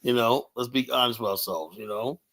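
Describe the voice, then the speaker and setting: A man's voice: mid-range voice, a little fast, fairly bright tone. A man hosting a livestream, talking in a grumpy, profane, rambling way. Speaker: livestream host. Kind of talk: casual ranting livestream talk.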